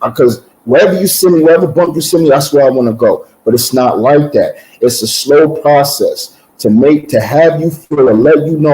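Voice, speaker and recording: A man's voice: on the high side, moderate pace, few pauses, warm tone, poor audio. A man giving a personal testimony in casual conversation, telling his story with repeated words and acted-out voices.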